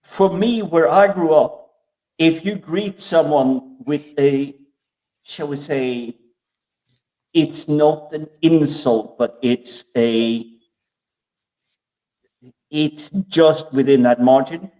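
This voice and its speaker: A man's voice: fairly high pitch, slow, pauses often, mellow, recorded from a distance, low-quality recording. A man co-hosting a casual panel chat, hesitant and stammering but eager in his storytelling. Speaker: podcast co-host.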